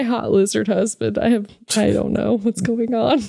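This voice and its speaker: A woman's voice: mid-range voice, steady tone, moderate pace, gravelly, warm tone, husky, no echo, clean studio sound. A woman co-hosting a podcast, chatting casually with many fillers and reading lore text aloud. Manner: chatty, filler-heavy, laughs often. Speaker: podcast co-host.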